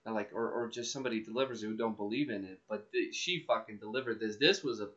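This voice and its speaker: A man's voice: on the low side, quick pace, a bit bright. A man hosting a podcast in casual chat, rambling with many restarts and fillers. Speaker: podcast host. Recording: dull lo-fi recording.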